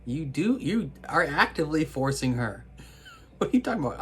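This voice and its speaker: A man's voice: mid-range voice, sing-song, normal speed, a bit bright. A man hosting a reaction video, talking back at the screen in exasperated, casual commentary.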